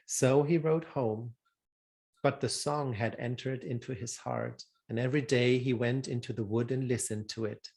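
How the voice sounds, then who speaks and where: A man telling a fairy tale aloud as a storyteller, in a measured, deliberate reading. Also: medium pitch, fairly even intonation, vocal fry, a little mellow.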